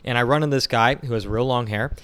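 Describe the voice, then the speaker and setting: A man's voice: medium pitch, fast talker, fairly bright tone, clear, resonant tone. A young man telling a long casual story, rambling with lots of fillers like "you know what I mean". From Pittsburgh area, Pennsylvania.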